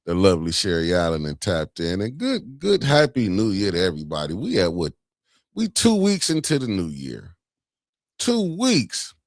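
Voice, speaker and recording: A deep-voiced man hosts a casual livestream chat. He talks in loose slang and greets his viewers one by one by name. His tone stays low and easygoing. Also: wildly swooping pitch, normal speed, dry recording. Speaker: livestream host.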